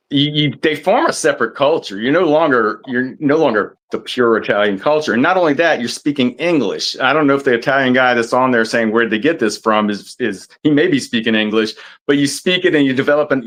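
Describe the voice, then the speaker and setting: A man's voice: medium pitch, a bit bright. A man on a casual panel chat, explaining his point at length with frequent restarts. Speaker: panel guest.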